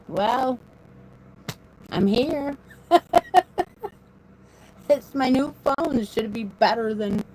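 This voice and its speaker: A woman's voice: medium pitch, a little mellow, slight background noise, rough recording. A woman hosting a casual live stream, rambling and laughing often, speaking into a phone propped on her desk in a room at home. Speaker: crochet channel host.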